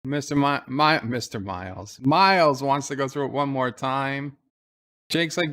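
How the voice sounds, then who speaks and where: Smooth-voiced man recapping a show. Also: medium pitch, normal speed, fairly bright tone. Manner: retells scenes with quoted lines. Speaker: live episode commentator. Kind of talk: casual recap commentary.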